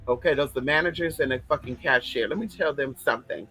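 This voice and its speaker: A man's voice: medium pitch, fast, pushed and bright, breathy edge, soft background music, poor audio. A man hosting a casual livestream, talking in a sassy, flamboyant way, swearing freely and reading out viewer comments.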